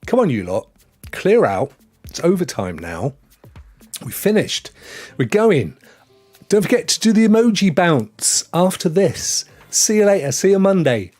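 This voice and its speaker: A man's voice: high voice, big pitch swings, measured pace, darkish tone, faint music behind. A man hosting a live gaming stream, chatting and joking with viewers in a rambling way. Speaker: gaming show host.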